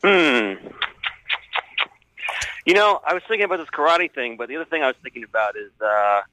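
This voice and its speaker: Bright-voiced man rambling through a story. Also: fairly high pitch, expressive, a little fast, a little hiss or hum, poor audio. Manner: rambling, hesitant storytelling with many fillers. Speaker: guest storyteller. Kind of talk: casual chat.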